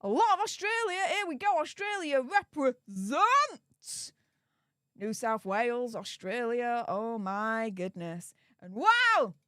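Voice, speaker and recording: A woman's voice: on the high side, expressive, takes it slowly, a bit bright, dry recording, clean studio sound. A woman with a Yorkshire accent hosting a casual livestream, bubbly and effusive as she greets viewers one after another. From England. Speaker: livestream host. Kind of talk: casual livestream chat with viewer shout-outs.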